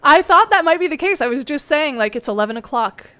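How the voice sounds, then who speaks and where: A young woman on a video call telling a story casually, chatty and laughing often, with dark humor. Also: high-pitched, lively intonation, fast talker.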